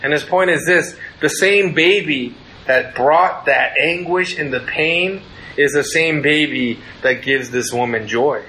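A man preaching a conversational sermon as pastor, telling stories in an animated way and often checking in with "right?". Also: a little high, measured pace, slight background noise, poor audio.

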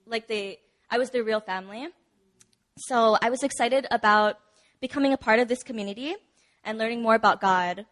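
A woman's voice: on the high side, normal speed, fairly bright tone. A woman sharing her personal testimony at a church service in a chatty way, with many fillers and frequent laughs. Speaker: church member giving testimony.

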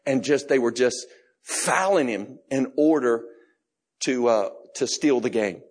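A middle-aged man pastor preaching a sermon, telling a personal story with laughs and bursts of shouting. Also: medium pitch, unhurried. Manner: animated storytelling, laughing, shouting in retold moments.

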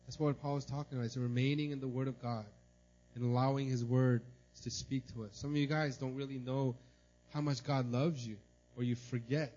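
A man preaching a sermon in a church, telling a personal story in an animated way and often asking "right?". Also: mid-range voice, fairly quick. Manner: animated, tells stories, repeats "right?". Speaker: pastor. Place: church service. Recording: dull lo-fi recording.

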